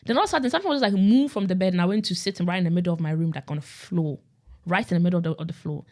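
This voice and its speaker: Rapid-talking young woman sharing testimony. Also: fairly low pitch, darkish tone. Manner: rapid, conversational, with frequent "like" and repetition. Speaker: podcast host sharing her testimony. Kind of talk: casual testimony storytelling.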